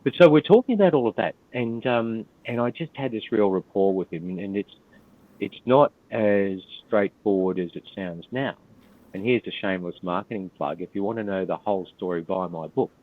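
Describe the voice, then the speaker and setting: Deep-voiced older Australian man, tinny line. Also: moderate pace, no echo. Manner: blunt, profane, laid-back storyteller. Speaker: podcast guest, retired police officer. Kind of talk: storytelling in casual interview.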